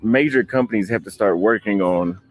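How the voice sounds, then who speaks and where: Travel vlogger, man, low voice, relaxed and matter-of-fact. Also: fairly quick, a little hiss or hum. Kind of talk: casual vlog narration.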